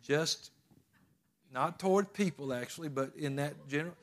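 A man's voice: on the high side, normal speed. A middle-aged man, preaching a sermon in a folksy storytelling way that swells when he stresses a point. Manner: folksy storytelling with rising emphasis. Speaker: pastor.

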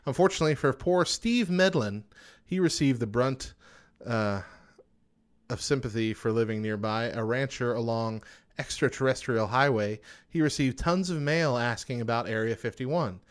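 A man's voice: medium pitch, normal speed. Laughing man reading trivia. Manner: jokey, laughs often, reads trivia then riffs. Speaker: podcast co-host. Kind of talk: casual chat, reading facts.

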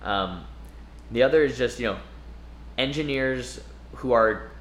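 A man co-hosting a podcast, explaining in a relaxed conversational way with frequent asides. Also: medium pitch, a little slow. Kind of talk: casual podcast chat. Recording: roomy with faint background noise.

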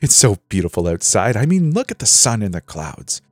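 A man's voice: lowish voice, big pitch swings, fairly quick, a little mellow, dry recording, pitched above the performer's own voice. A man voicing a huge, scarred middle-aged male killer who chats jolly and then hisses in a whisper, in a spoken horror story. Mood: gleeful. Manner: jolly cheer turning to hissing whisper.

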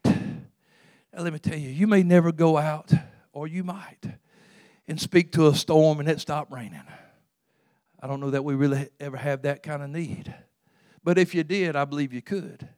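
A man preaching a sermon as pastor, fervent and swinging between loud calls and hushed, quiet passages. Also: on the high side, fairly even intonation, normal speed, no room sound, clean studio sound.

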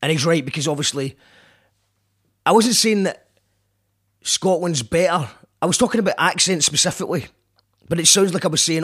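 A man's voice: on the high side, fairly quick, long pauses, a bit bright, breathy edge. A Scottish man hosting a radio show, rambling, joking and apologizing in a casual monologue. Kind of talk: casual self-deprecating monologue.

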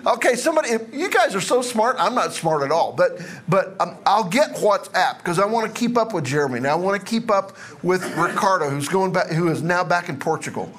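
A man's voice: high voice, lively intonation, a little fast, few pauses, fairly bright tone. A man teaching a Bible class to a group in a classroom, chatty and self-deprecating.

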